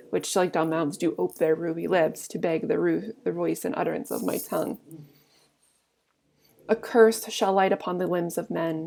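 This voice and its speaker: Woman teacher reading a play out loud then explaining it casual, gravelly low mellow voice. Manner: reads lines then paraphrases in plain talk. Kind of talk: casual read-aloud lesson with paraphrase.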